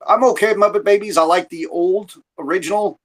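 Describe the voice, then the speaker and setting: A man's voice: high-pitched, fairly even intonation, fast. A man hosting a podcast in casual chat, rambling and swearing freely, recorded on a phone. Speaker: podcast host.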